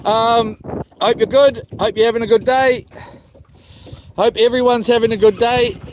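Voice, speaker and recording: A fisherman from New livestreams on his phone from a small houseboat, chatting in a laid-back, rambling way, greeting viewers by name and swearing casually. His voice is very high and steady, at a moderate pace. The outdoor stream is noisy.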